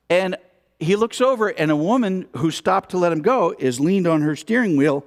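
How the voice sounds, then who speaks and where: Speaking at normal speed in a high voice, a man delivers an animated storytelling sermon at a spiritual center service, performing the scenes with exclamations.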